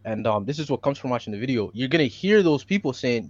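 A man's voice: mid-range voice, animated, quick pace, no room sound. A man in a casual podcast discussion, retelling events with slang and acting out the quotes. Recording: dry, dull lo-fi mic.

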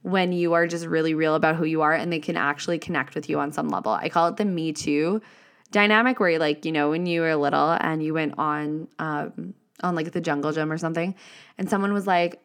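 Brisk and low-pitched, a woman runs a solo motivational podcast, talking casually, gushing, swearing freely, and filling her sentences with "like."

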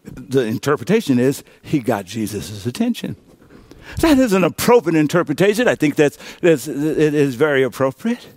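A man in his fifties preaching a sermon as pastor, building to shouted call-and-response. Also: on the high side, big pitch swings, moderate pace, no room sound. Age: 50s.

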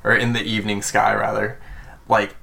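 A man running a tabletop role-playing game, describing scenes in a halting, rambling way. His voice sits low but sounds bright and forward. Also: flat delivery, gravelly. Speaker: game master.

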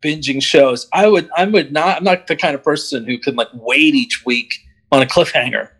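A man chatting casually about a TV series, rambling and animated, with many restarts. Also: a little high, moderate pace, breathy edge. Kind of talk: casual chat.

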